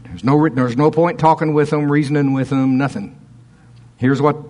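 A man's voice: a little high, fairly even intonation, moderate pace, darkish tone. A man preaching a sermon, reading scripture aloud and breaking off into chuckling asides.

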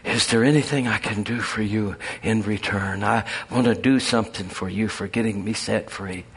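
A man's voice: lowish voice, moderate pace, slightly rough. A man preaching voices a young duck raised among chickens, earnest and a bit stammering. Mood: overjoyed. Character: young duckling raised as a chicken, timid then overjoyed.

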